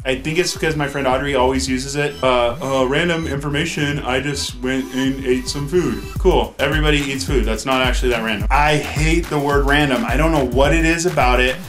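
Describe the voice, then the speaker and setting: Joking man vlogging with soft music. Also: medium pitch, fairly even intonation, fairly quick, hardly any pauses. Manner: chatty, joking storyteller. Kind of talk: casual to-camera vlog.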